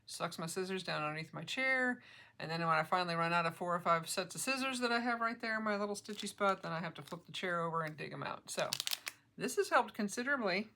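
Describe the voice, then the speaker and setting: A chatty middle-aged woman talks through her stitching projects on camera at home. Her voice is bright and forward, and she jokes and laughs her way along. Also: on the low side, animated, fast talker, gravelly, slight background noise. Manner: chatty, joking, laughs often. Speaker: flosstube vlogger. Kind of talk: casual chat about cross-stitch projects.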